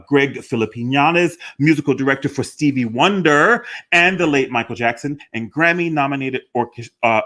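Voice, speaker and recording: A man hosting a live online talk show, introducing guests with effusive, theatrical warmth. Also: on the high side. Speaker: host.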